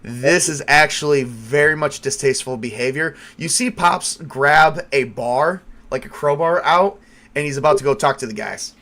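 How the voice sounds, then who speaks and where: A man narrating as game master with lively storytelling. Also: on the high side, moderate pace.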